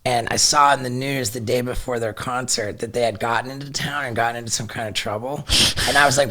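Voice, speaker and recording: A middle-aged man telling a story in casual chat, animated, swearing often and restarting his sentences. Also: medium pitch, fast. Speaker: podcast guest.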